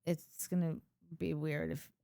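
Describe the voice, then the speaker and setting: A woman's voice: low voice, big pitch swings, measured pace, vocal fry, warm tone, dry recording, studio quality. A woman co-hosting a podcast, chatting casually and rambling as she goes. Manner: rambling, many fillers and restarts. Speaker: podcast co-host. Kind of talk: casual chat.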